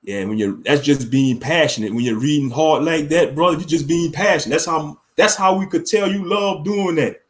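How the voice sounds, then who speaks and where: A man leading a fervent spoken prayer with a repeated cadence, then talking in loose, animated casual chat as a religious commentator. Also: fairly high pitch, moderate pace, few pauses.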